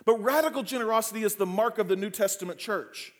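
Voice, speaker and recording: A male pastor preaching a sermon, telling family stories with humor and lively asides. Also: sits high, fast talker. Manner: frequent fillers and restarts in anecdotes.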